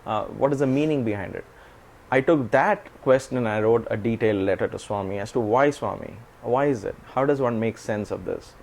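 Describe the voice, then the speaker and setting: Man telling a story with animated quotes. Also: mid-range voice, brisk, vocal fry. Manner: animated, acts out quoted speech, laughs often. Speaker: interview guest. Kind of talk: storytelling in an interview.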